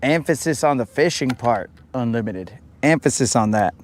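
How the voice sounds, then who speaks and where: Chill guy streaming from his bass boat, teasing viewers, normal pitch, bit of outdoor noise. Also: animated, normal speed. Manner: joking, teasing chat, talking to himself. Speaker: fishing livestream host. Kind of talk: casual live-stream chat to viewers.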